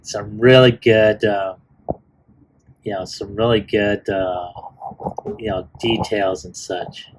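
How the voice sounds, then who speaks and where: A man's voice: fairly low pitch, steady tone, slow pace, long pauses, a little hiss or hum. A man hosting a casual toy unboxing review, rambling with fillers and restarts.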